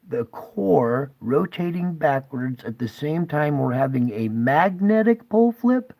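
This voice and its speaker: A man's voice: mid-range voice, gravelly, darkish tone, rough recording. A man hosting his own channel, speaking urgently and emotionally straight to his viewers, tearful at times. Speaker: channel host.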